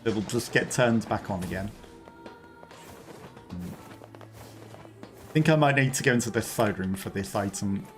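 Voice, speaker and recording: A man's voice: on the low side, unhurried, long pauses, over loud music. A man streaming a video game, chatting casually and laughing often. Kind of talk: casual livestream commentary.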